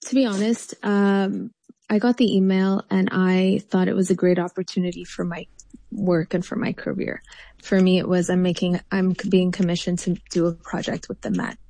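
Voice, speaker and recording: Woman artist, interview guest, low gravelly voice, mellow tone, thoughtful with many fillers. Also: level tone, normal speed, no echo. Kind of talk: interview answers.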